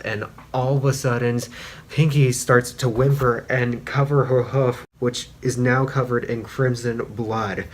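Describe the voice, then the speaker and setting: A man talks through a story in a loose, casual review, piling on fillers as he goes. His voice sits at a middling pitch and his retelling runs excitable and rambling. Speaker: fanfic reviewer.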